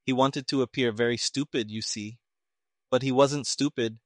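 A quiet, measured detective lays out his reasoning in precise, even words, as a male reader voices him. The sound is dry and close, with no room around it. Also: mid-range voice, dry recording, close to an everyday voice. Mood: calm. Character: calm, shrewd male detective.

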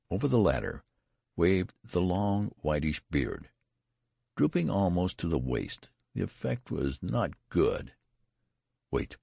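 Very deep, gravelly male storyteller. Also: a little mellow, dry recording, studio quality. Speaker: narrator. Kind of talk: audiobook reading.

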